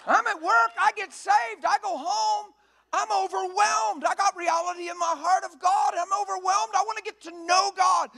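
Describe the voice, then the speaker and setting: A man preaching a sermon in a church, folksy and emphatic, often rising to a shout. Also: extremely high pitch, steady tone, moderate pace, gravelly.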